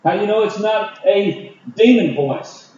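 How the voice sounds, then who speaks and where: A man with a fairly high voice preaches a Bible study sermon, talking haltingly with many fillers and restarts. He sounds far from the mic in a very echoey hall. The recording is dull and lo-fi, with faint noise behind him. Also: dark tone. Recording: distant, roomy, dull lo-fi.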